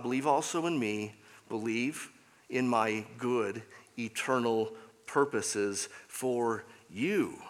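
Male pastor preaching slow, bright voice, hits phrases over and over, long hall echo. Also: mid-range voice. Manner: emphatic, repeats key phrases. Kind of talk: sermon.

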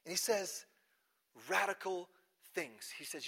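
A man preaches to his church in a casual, conversational way. His voice is bright and forceful, pitched a little high, and it rises to loud emphasis before dropping to quiet asides. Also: animated, moderate pace, long pauses. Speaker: pastor. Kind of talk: sermon.

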